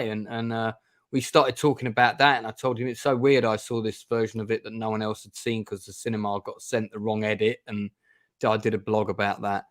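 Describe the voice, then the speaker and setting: A man's voice: on the low side, fairly even intonation, moderate pace. Chatty wry man hosting online. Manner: chatty and wry, with dry sarcasm and frequent restarts. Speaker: host. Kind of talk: casual chat on a livestream.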